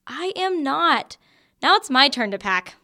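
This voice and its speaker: A young woman acting a college student who lives in a frat house, quick to bicker, in an audio drama. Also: fairly high pitch, bright, forceful tone. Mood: lively. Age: young adult.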